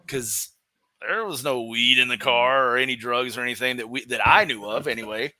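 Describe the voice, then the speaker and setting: A man, a professional wrestler guest on a podcast, telling a story in an animated way, laughing often and restarting his sentences. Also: medium pitch, moderate pace, dry recording. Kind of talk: casual storytelling interview.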